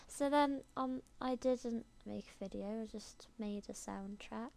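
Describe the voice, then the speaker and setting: An English video blogger sends an audio message recorded on a built-in computer microphone, chatting casually in a rambling, giggly way. Her voice sits fairly high and is gravelly with a darkish tone, and she speaks unhurriedly, full of "like" and "you know."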